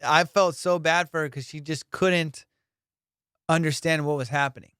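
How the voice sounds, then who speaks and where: A man, a comedian and podcast host, telling a story in casual chat, animated and swearing as he acts out what people said. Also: a little high, moderate pace, clean tone, no room sound, clean studio sound.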